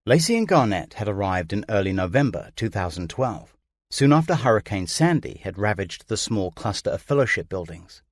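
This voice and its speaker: A man narrating a true-crime audiobook in a measured, even storytelling manner. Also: on the low side, no echo, clean studio sound.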